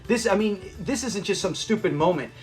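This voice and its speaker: Man, high-pitched voice, casual fan commentary, rambling and enthusiastic, faint background music. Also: expressive, normal speed. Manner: enthusiastic and rambling, with frequent restarts and quoted lines. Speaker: channel host.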